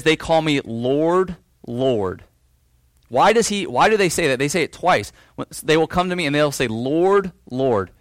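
Earnest male preacher, dry sound. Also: dry recording. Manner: earnest preaching with rhetorical questions and quoted voices; drops low and quiet on solemn lines. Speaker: pastor. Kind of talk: sermon.

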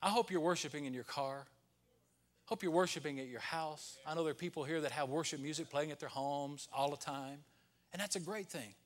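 A pastor preaching a Sunday sermon, rising to loud peaks and dropping to hushed, whispered lines. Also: male voice, on the high side, fairly quick.

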